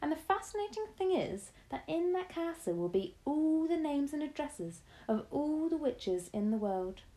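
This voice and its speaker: A woman's voice: high-pitched, very animated, normal speed, warm tone, pitched above the performer's own voice, low-quality recording. Shrewd, determined grandmother, firm and knowing, as a woman reads her. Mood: confiding.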